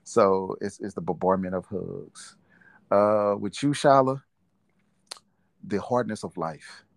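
A middle-aged man talks in a very low voice, thoughtful and quick to laugh. The sound is close and dry. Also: gravelly, dry recording. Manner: warm, reflective, laughs often. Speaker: interviewee, father. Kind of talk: casual family interview.

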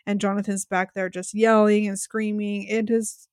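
A woman co-hosting a podcast, recapping an episode in casual chat, exasperated and quick to quote the people on screen. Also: mid-range voice, level tone, smooth, dry recording, studio quality. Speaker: podcast co-host.

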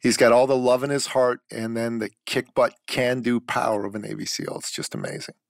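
A man hosts a podcast interview in a measured, mid-pitched voice. He heaps praise on a returning guest before moving on to his next question. The sound is dry and close. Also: fairly even intonation, creaky, dry recording. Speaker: podcast host. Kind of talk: interview hosting.

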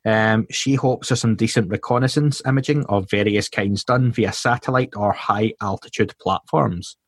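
A man's voice: on the low side, normal speed, breathy edge, no echo, studio quality. A Scottish man hosting a podcast in casual chat, reading out listener comments and joking about them. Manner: chatty, reads out listener comments with jokes. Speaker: podcast host.

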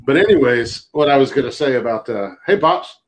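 A man's voice: medium pitch, very animated, fairly quick. A middle-aged man co-hosting a casual podcast, boastful and profane, joking and laughing often. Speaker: podcast co-host.

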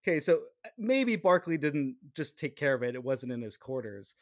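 A man's voice: medium pitch, very animated, normal speed, no echo, clean studio sound. A man from the United States co-hosting a podcast, talking casually, laughing often and restarting his sentences. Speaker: podcast co-host.

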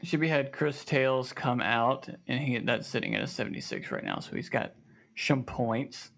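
A man's voice: medium pitch, huge pitch swings, normal speed, vocal fry, fairly bright tone. A man with a Southern American accent, co-hosting a casual gaming podcast, joking and reading news aloud with fillers. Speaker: podcast co-host.

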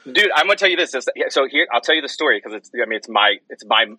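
A man's voice: medium pitch, lively intonation, racing, pushed and bright, slightly rough, no echo, poor audio. A man who is a guest on a podcast, chatting casually and rambling through a story with many restarts. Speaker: podcast guest, comics writer. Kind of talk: casual chat.

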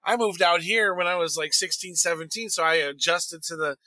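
A man from the American Midwest hosting a sports podcast, chatting in a rambling, profane, relaxed way. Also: high-pitched, a little fast, no echo. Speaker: podcast host. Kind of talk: casual sports chat.

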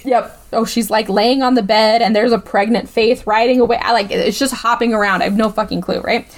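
A woman with a slightly high voice gives a casual, sarcastic recap of a film on a podcast. She talks in a loose, chatty way, full of "like" and "right?" and asides to her co-host. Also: steady tone, brisk. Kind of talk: casual movie recap chat.

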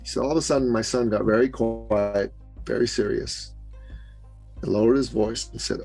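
A man from Canada, a business coach, telling an animated story as a podcast guest and acting out the voices of the people he quotes. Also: medium pitch, moderate pace, creaky, husky, faint music behind, poor audio. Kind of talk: storytelling interview.

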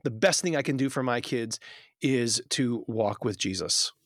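Animated, storytelling man guest, dry sound. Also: medium pitch, unhurried, no room sound. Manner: animated storyteller, acts out family scenes. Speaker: podcast guest, author. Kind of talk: casual podcast conversation.

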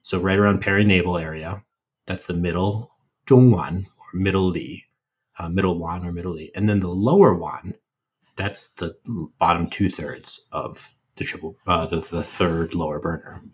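A man co-hosting a podcast, explaining things in a relaxed, casual way with playful asides. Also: low-pitched, moderate pace, husky. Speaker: podcast co-host. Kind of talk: casual educational chat.

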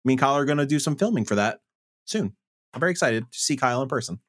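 Male podcast host, mid pitch, lively swings in delivery, laughs a lot and trips over the script. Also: racing. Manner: animated, laughs often, stumbles over reads. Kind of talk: casual podcast intro and chat.

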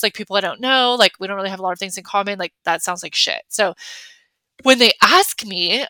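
In a dry recording, a young woman with a medium-pitched, pushed, bright voice hosts a podcast by herself. She's casual and chatty, uses many fillers, and acts out how she reacted.

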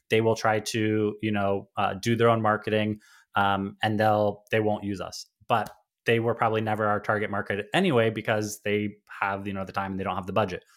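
A man's voice: lowish voice, a bit bright. A man who founded an agency, speaking as a podcast guest in casual interview talk, conversational with lots of fillers and restarts.

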